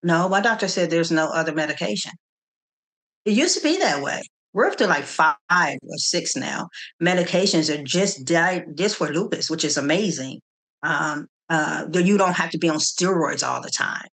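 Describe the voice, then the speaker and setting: Lively storytelling woman, slightly low voice. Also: normal speed. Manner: animated retelling with quoted dialogue, frequent restarts. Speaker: interview guest, nonprofit founder. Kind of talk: conversational storytelling interview.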